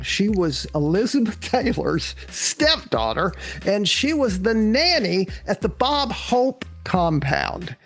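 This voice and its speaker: An older man spins a lively anecdote with a high, bouncing voice that leaps up and down as he acts out each person in the story. He laughs often, and a faint bed of music sits behind him. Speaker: guest actor telling stories. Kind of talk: animated anecdote telling.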